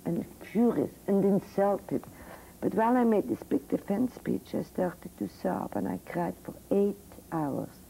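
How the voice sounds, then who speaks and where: A woman's voice: medium pitch, lively intonation, measured pace, creaky, warm tone, poor audio. An older woman psychiatrist telling a personal story to medical students in a frank, vivid lecture. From Switzerland. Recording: old 1982 recording with faint hiss.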